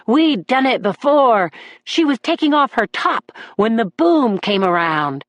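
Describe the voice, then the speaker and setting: A man's voice: extremely high pitch, sing-song, unhurried, no room sound, highs cut off, pitched above the performer's own voice, full character voice. A woman reading an audiobook voices a troubled young man on trial, testifying in a raw, pleading way about the voices that haunt him. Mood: defiant. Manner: anguished, raw and pleading, breaking into shouts. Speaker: defendant testifying in court.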